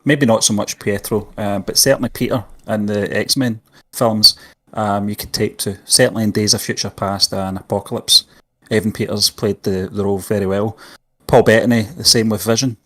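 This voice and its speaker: A man's voice: lowish voice, steady tone, normal speed, pushed and bright. A man co-hosting a casual film review podcast, speaking bluntly with frequent swearing and jokes. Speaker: podcast co-host.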